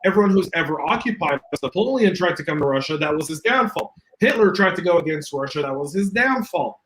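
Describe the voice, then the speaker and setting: Opinionated man, a bit high-pitched. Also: animated, a bit bright, slight background noise, low-quality recording. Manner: opinionated, quick and joking. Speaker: podcast co-host. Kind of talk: casual online show chat reading viewer comments.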